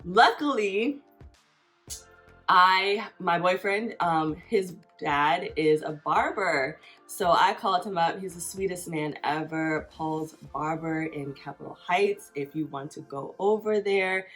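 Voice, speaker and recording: A woman's voice: fairly low pitch, slow pace, fairly bright tone, faint music behind. A woman in her thirties telling a personal story on her vlog in a chatty, casual way, filling her phrases with "like". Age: 30s. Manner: chatty, fills every phrase with "like". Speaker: vlogger.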